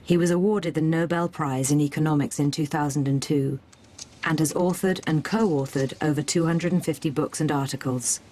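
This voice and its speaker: Low-voiced woman narrating a documentary. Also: steady tone, normal speed, dark tone. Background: music.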